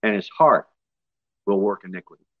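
A male pastor preaching a sermon, his voice jumping high and loud for emphasis before dropping back low. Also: moderate pace, dry recording, phone-quality sound. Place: church.

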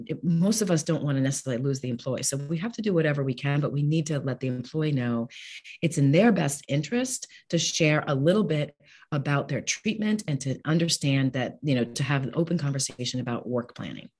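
A woman's voice: sits low, brisk, darkish tone, slightly rough. A middle-aged woman speaking as an interview guest, talking candidly and emotionally about caring for her husband, often rambling and restarting. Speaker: guest, caregiver widow.

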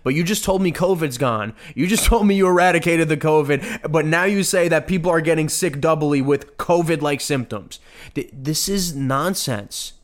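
A man with a fairly high voice hosts a podcast and delivers heated commentary. He slips into a mocking, sarcastic tone and repeats phrases over and over for effect. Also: normal speed. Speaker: podcast host. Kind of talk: opinionated commentary.

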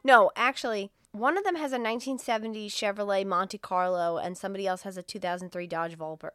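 A woman's voice: medium pitch, quick pace, a bit bright, smooth, dry recording, clean studio sound. A woman co-hosting a podcast, recapping a movie in blunt, profane casual chat and laughing often. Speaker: podcast co-host.

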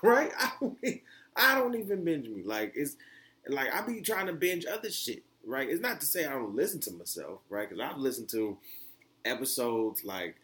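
Male solo podcast host from the US, loose and rambling, full of restarts, with a voice that leaps upward when he gets fired up. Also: moderate pace. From United States. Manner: rambling, animated, many fillers and restarts, voice jumps high when excited. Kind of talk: casual solo podcast monologue.

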